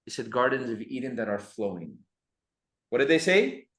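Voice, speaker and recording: A man's voice: mid-range voice, sing-song, fairly bright tone. A man teaching a seminary class, explaining terms and checking that students follow. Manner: checks understanding often, recites verses quickly. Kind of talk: classroom lecture. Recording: echoey classroom.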